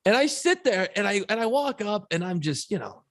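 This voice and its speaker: Gravelly-voiced animated profane man. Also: high voice, a little fast. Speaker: podcast co-host. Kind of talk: casual storytelling chat.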